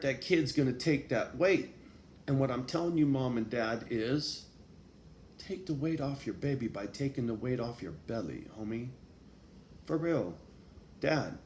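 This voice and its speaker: Profane man telling a story, echoey room. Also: mid-range voice. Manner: profane, street slang, frequent "right?". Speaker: vlogger. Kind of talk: casual storytelling monologue. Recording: echoey room with faint background noise.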